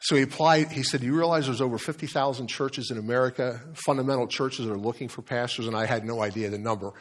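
A man's voice: medium pitch, quick pace. A man, a pastor, preaching a sermon in a candid, conversational storytelling manner, often restarting phrases, then reading scripture aloud.

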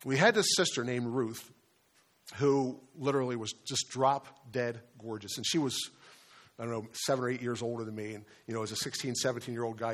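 A middle-pitched man in his fifties delivers a sermon as a pastor. He talks in an earnest, conversational way, telling personal stories with restarts. He slows down and drops his voice to a near hush on the words he wants to stress.

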